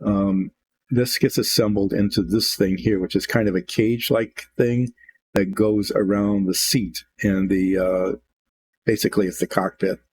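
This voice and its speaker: A man's voice: on the low side, level tone, unhurried, a little mellow. An older man painting a model kit and thinking aloud as he works, musing and rambling with small restarts. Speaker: miniature painter. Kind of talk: relaxed narration while painting.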